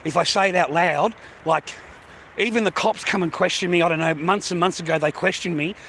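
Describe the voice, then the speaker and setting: A man's voice: high voice, fairly quick, a bit bright, a little hiss or hum. An Australian man griping at his live-stream chat in casual talk, swearing heavily and laughing between complaints. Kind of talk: casual livestream rant.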